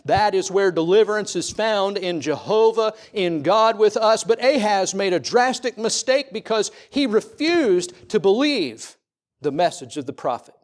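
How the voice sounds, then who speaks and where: A middle-aged preacher whose voice sits high delivers a church sermon full of repeated rhetorical questions, alternating between ringing, loud statements and hushed ones.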